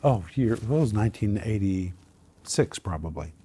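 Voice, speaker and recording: Minister on a talk show, low mellow husky voice, earnest testimony. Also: male voice, normal speed. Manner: earnest, animated storyteller. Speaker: Christian minister and author. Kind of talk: personal testimony storytelling.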